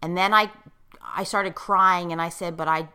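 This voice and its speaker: A middle-aged woman speaks at a measured pace in a lowish, bright, forceful and clean voice with fairly even intonation. Coaching-style and emphatic, she checks in with her listener during casual conversation and gets choked up as she recounts a moving personal story.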